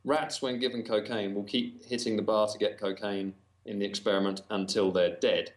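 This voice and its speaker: A Northern English man speaks in a lowish voice as a podcast guest. He talks in halting runs, with fillers and false starts, and slips in dry jokes. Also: steady tone. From Northern England. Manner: hesitant, many fillers and restarts, dry humor. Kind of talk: casual podcast chat.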